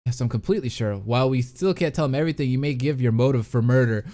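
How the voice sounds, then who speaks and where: A man voicing a scheming young male student who speaks in a measured, formal way, low and unhurried. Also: warm tone, lightly acted. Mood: calm, assured.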